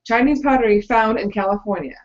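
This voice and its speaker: A woman's voice: on the high side, brisk. Chatty woman in an echoey room. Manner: chatty, tangential, jumps in with asides. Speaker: podcast co-host. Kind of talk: casual discussion. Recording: echoey, dull lo-fi room sound.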